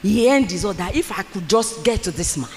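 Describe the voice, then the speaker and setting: A preacher delivering a sermon in a church hall, firing repeated questions at the congregation and swinging from low asides to shouted calls. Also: lively intonation, fairly quick, faint music behind. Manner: repetitive, rhetorical questions to the congregation. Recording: long hall reverb, faint ambience.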